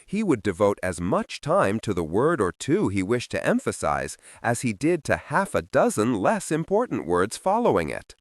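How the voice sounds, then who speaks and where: A man's voice: mid-range voice, wildly swooping pitch, moderate pace, hardly any pauses, no echo, studio quality. A man narrating a self-help audiobook in an emphatic, instructional reading style.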